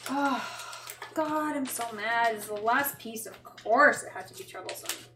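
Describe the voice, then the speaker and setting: A woman's voice: a little high, normal speed. A woman chatting casually on a livestream while she works, rambling and swearing when frustrated. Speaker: fashion designer. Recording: echoey room with background noise.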